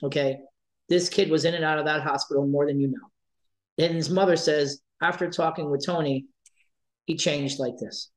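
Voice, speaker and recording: A man's voice: a little high, steady tone, moderate pace, low-quality recording. A man being interviewed, speaking with passion and emotion and repeating his points for emphasis. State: emotional, near tears. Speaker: advocate for trans youth. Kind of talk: interview guest.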